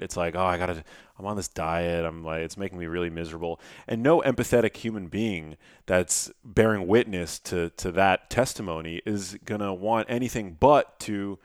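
A man's voice: low-pitched, no room sound, studio quality. A man hosting a podcast interview, talking reflectively and searching for his words. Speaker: podcast host. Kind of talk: conversational interview.

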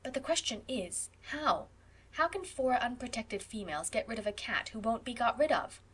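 A woman's voice: on the high side, lively intonation, normal speed, fairly bright tone, slightly rough, recorded from a distance. An earnest, imaginative young woman student, voiced by a woman reading a storybook aloud. She speaks expressively, in a voice close to the reader's own. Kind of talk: audiobook character voice.

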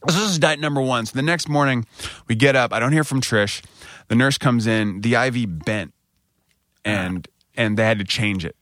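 A man in his thirties with an American accent, co-hosting a podcast and telling a personal story candidly, getting animated when he quotes people. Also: mid-range voice, normal speed, dry recording, clean studio sound. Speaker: podcast co-host. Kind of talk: casual storytelling chat.

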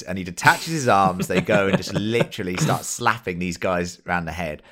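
A man's voice: sits low, moderate pace, few pauses, fairly bright tone. A man co-hosting a casual film review chat, enthusiastic and swearing freely as he acts out lines. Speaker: podcast co-host.

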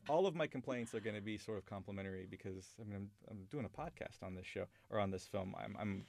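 A man's voice: lowish voice, fast talker, vocal fry, a little mellow, no echo. A man hosting a podcast, talking through a film he loves in a rambling, enthusiastic way with many restarts. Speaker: podcast host. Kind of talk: casual film discussion.

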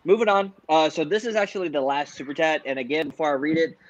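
A man's voice: on the high side, steady tone, fast, dry recording, lo-fi sound. A man moderating a livestream debate, easygoing and reading out viewer super chats. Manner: easygoing, filler-heavy.

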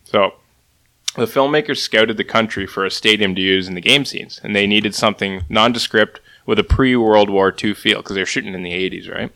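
A man hosting a casual movie discussion, relaxed and retelling scenes with lots of "like"s. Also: on the low side, a little fast. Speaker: podcast host.

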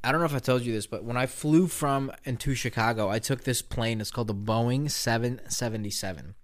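A young man co-hosting a casual podcast chat, rambling with lots of fillers and bursting into high laughs. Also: a little fast. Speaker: podcast co-host.

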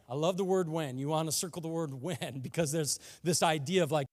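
A man preaching a sermon about fasting, earnest and often building to passionate emphasis, with frequent restarts. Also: fairly high pitch. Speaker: pastor.

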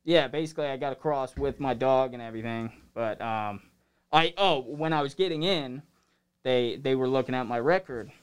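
Man with a smooth, clear voice as a rambling, easygoing podcast guest. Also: medium pitch, normal speed. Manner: loose, rambling storytelling. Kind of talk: casual chat.

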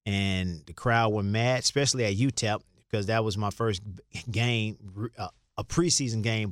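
Low-voiced middle-aged man, rambling stories. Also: dry recording, clean studio sound. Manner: loose, rambling, repeats words, laughs while telling stories. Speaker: interview guest, former basketball player. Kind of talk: casual storytelling interview.

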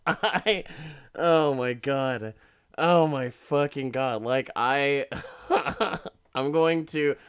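A host reviewing a show episode in a casual monologue, swearing a lot, sounding exasperated and laughing, with many halting restarts. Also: mid-range voice, fairly bright tone.

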